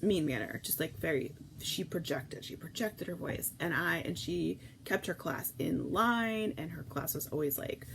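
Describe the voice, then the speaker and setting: Chatty woman with a gravelly edge. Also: low-pitched, animated, normal speed, hardly any pauses, slight background noise, rough recording. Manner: rambling, effusive, reads comments aloud. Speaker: host of a morning livestream. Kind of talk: casual chat reading viewer comments.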